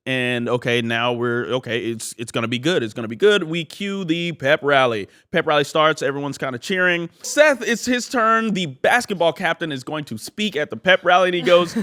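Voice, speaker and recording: A man in his thirties recaps a show in casual podcast chat. His voice sits a little high and swings widely in pitch. He keeps bursting into quoted lines from the episode. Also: normal speed, few pauses. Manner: animated, acts out quoted lines. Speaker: podcast co-host.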